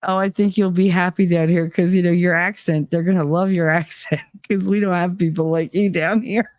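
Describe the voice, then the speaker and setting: A woman from New Jersey with a New Jersey accent, chatting casually on a live stream, reading out her chat and answering it in a blunt, animated way with plenty of swearing. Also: on the low side, a little fast, no room sound, studio quality.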